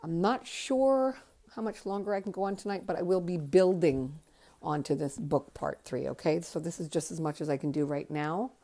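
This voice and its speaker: A woman's voice: on the low side, moderate pace, mellow. A tired New woman in her fifties telling a memoir story on a podcast, rambling, thinking aloud and swearing freely. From Connecticut. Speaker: podcast host. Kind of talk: casual spoken memoir storytelling.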